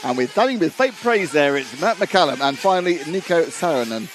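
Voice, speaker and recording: A man's voice: fairly high pitch, lively intonation, a little fast, soft background music, poor audio. Chatty male race commentator. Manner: chatty, reads out viewer comments.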